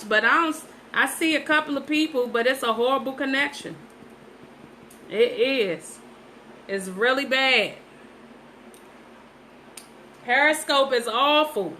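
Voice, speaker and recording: A woman's voice: high-pitched, bright, forceful tone, a little hiss or hum, low-quality recording. A woman hosting a casual painting livestream from her phone, chatty and repetitive, talking straight to her viewers. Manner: chatty, repeats herself, talks straight to viewers. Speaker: livestream host painting sunflowers. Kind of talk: casual live-stream chat while painting.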